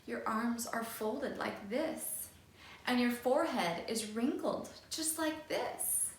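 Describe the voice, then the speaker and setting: A woman voicing a gentle female butterfly teacher who speaks slowly, soothingly and firmly. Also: a little high, sing-song, distant mic. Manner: soothing, slow and firm. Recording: echoey room.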